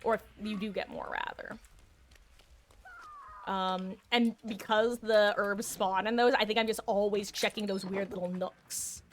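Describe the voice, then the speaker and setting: A woman's voice: medium pitch, steady tone, unhurried, a little hiss or hum. A woman giving chatty, self-mocking live commentary on her game, laughing often. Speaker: streamer.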